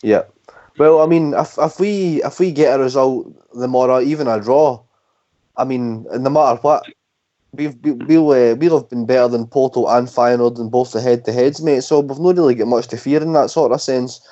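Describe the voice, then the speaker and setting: An upbeat man calls in to a phone-in and speaks with confidence. His voice is mellow and mid-pitched. The line is dull and lo-fi. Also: normal speed. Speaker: caller. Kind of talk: casual phone-in chat.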